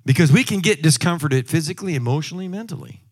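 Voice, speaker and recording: A man preaching a sermon, emphatic, moving from loud exhortation to quiet asides and humorous personal stories. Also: a little high, lively intonation, quick pace.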